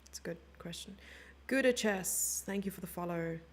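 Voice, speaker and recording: A young woman with a fairly low-pitched voice speaks at normal speed. She's doing live chess commentary, playful and chatty, picking out viewer comments to read and reply to.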